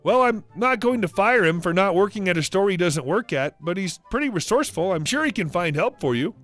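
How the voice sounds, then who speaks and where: A man voicing a calm, unimpressed store manager talking on the phone in a dry, matter-of-fact way. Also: sits high, brisk, soft background music.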